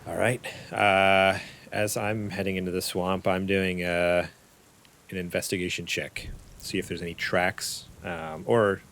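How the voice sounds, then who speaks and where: Deep gravelly tabletop player. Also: male voice, level tone, unhurried, fairly bright tone. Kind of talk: playing a tabletop game.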